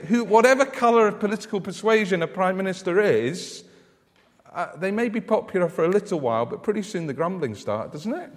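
A man preaching a sermon in a conversational way, often asking the congregation rhetorical questions. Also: high voice. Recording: long hall reverb.

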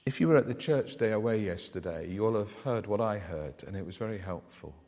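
A man preaching a sermon, lively and emphatic, often putting questions to the congregation. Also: lowish voice, fairly quick, long reverb tail. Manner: animated, asks the congregation questions.

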